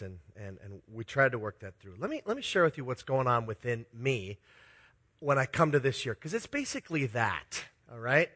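In a sing-song, mid-range voice that's a bit bright, a middle-aged Minnesota pastor preaches at a moderate pace. His sermon leans on personal stories told in a self-deprecating, confessional way, with frequent chuckles.

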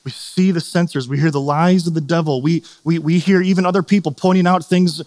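A man preaching a sermon as pastor, earnest and animated, sometimes acting out quoted voices. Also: fairly high pitch, a little fast, long reverb tail.

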